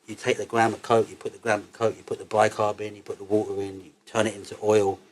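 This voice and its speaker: A man, an interview guest telling stories in a loose, sweary, animated way and laughing as he goes. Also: fairly low pitch, fast talker, slight background noise. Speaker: interview guest, cannabis entrepreneur. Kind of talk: casual interview storytelling.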